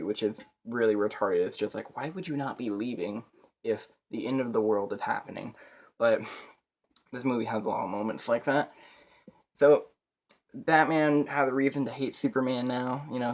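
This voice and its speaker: A young man giving a casual movie review, rambling and profane, with laughs between his points. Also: mid-range voice.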